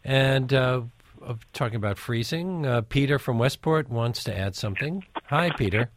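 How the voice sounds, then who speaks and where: A man hosting a radio call-in show, brisk, taking callers and moving the talk along with questions. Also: mid-range voice, animated, a little hiss or hum.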